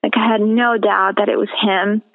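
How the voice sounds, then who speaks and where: A woman from the Caribbean tells her life story as a radio interview guest, earnest and measured. Her voice carries a gravelly fry and stays flat in pitch. It comes through a thin, tinny phone line. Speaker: guest sharing her testimony. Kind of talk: personal testimony in a radio interview.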